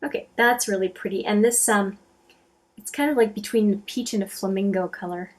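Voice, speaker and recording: A woman's voice: medium pitch, steady tone, fairly quick, darkish tone. A woman hosting a casual makeup swatching vlog, chatty and thinking aloud, often correcting herself as she goes. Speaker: beauty vlogger.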